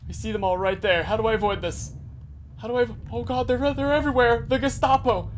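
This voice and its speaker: A young man commentating a game casually, excitable and swearing, with frantic outbursts. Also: very high-pitched, fairly quick, slight background noise. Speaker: gameplay commentator. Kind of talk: casual let's-play commentary.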